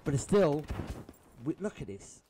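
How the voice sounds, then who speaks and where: Over loud in-game gunfire and shots, a young male YouTuber delivers a cursing, exasperated rant about his match replay. His voice sits on the high side with a sing-song lilt and a measured pace, and the background is noisy.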